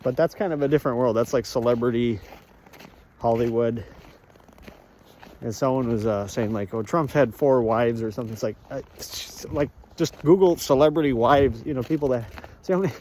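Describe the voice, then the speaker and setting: Out on a rural walk, this man delivers a rambling, jokey vlog monologue packed with fillers. He talks fairly quickly in a mellow, medium-pitched voice, with a little hiss or hum on the recording.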